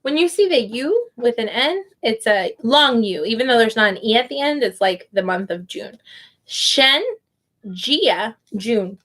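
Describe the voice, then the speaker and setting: A woman's voice: a little high, animated, a bit bright. A young woman, an online English teacher, casually explaining how to pronounce names and sounding them out carefully. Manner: slow, careful, drawn-out name pronunciation. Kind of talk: casual live teaching chat.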